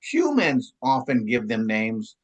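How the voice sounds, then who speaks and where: A man's voice: mid-range voice, huge pitch swings, a little slow, dull audio. Rambling middle-aged man, stammered restarts. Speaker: guest, longtime ska radio DJ and promoter. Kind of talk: casual chat.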